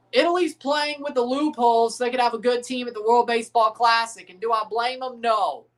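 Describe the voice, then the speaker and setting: Profane, joking woman hosting a watchalong. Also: a little high. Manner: profane, joking, abrasive on purpose. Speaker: livestream host. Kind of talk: live sports watchalong commentary.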